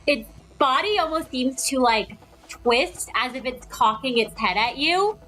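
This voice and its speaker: A woman narrating as game master of a tabletop role-playing game, in measured descriptive storytelling. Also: sits high, animated, sharp tone, soft background music, rough recording.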